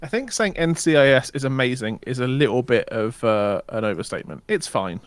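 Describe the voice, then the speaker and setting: Calm man, dry close sound. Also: mid-range voice, fairly quick, no echo. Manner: calm, matter-of-fact, explains things plainly. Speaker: co-player on a game stream. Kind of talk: casual chat while gaming.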